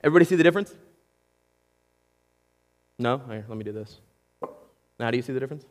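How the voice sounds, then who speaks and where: A man preaching a sermon in an animated way, acting out quotes and talking straight to his audience. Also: mid-range voice, fast, long reverb tail. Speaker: pastor.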